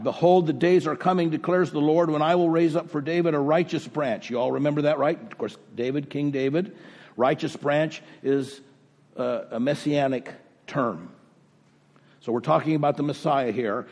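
A man preaches a sermon in a church sanctuary, reading scripture aloud and building emphasis. His voice is a bit husky, and a long reverb hangs behind it in the big hall. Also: fairly high pitch, moderate pace, a little mellow. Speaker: pastor.

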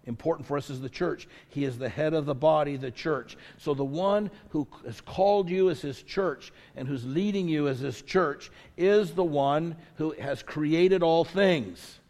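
A man's voice: on the high side, unhurried, hardly any pauses, a little mellow. A male pastor delivering a sermon, emphatic and repetitive as he builds to his points, in a church sanctuary. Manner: preaching with rising intensity, emphatic repetition. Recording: long reverb of a large hall.

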